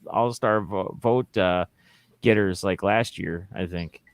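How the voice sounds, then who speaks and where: A man's voice: deep voice, slow pace, no room sound. A man hosting a casual sports podcast, rambling through opinions and reading out listener questions. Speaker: podcast host.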